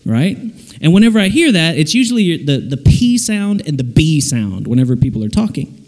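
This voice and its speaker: A man giving a jokey, animated sermon to young people, acting out little voices as he goes. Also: a little high, normal speed. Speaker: preacher. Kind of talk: lively sermon to a youth audience. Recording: long hall reverb.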